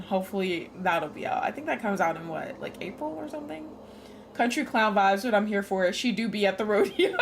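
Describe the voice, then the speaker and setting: A woman's voice: mid-range voice, slight background noise. Chatty, laughing woman streamer. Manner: chatty, swears freely, laughs often. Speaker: game streamer. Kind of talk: casual gameplay commentary.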